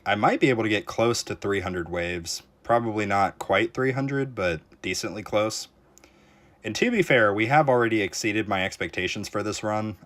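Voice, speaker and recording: Young male game streamer, lowish voice, casual reactive commentary to chat. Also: a bit bright. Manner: reactive, talks to chat while playing, frequent exclamations. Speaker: streamer playing a tower defense game.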